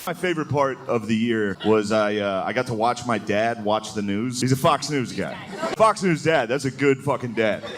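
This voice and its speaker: A man's voice: medium pitch, lively intonation, moderate pace. A man doing a stand-up comedy set on a handheld mic, crude and casual, often laughing at his own jokes. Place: comedy stage with audience. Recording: noisy live comedy room.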